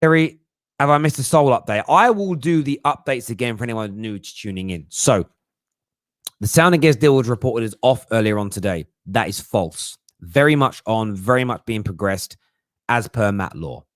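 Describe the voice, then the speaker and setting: A young man chats loosely on a livestream, joking, laughing and dropping slang as he goes. His voice sits at an ordinary pitch, recorded close and dry with no room sound. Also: expressive, normal speed, dry recording. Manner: chatty and jokey, laughs often, slangy. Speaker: livestream host. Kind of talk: casual live chat.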